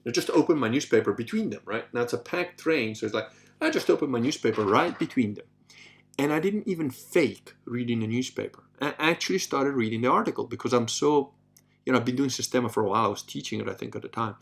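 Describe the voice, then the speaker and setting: A middle-aged man talks through listener questions on his podcast. He rambles, restarts sentences and pads them with "you know." His voice sits at an ordinary pitch, and he acts out the people in his stories. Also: expressive, fast, creaky, fairly bright tone. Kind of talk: casual storytelling monologue.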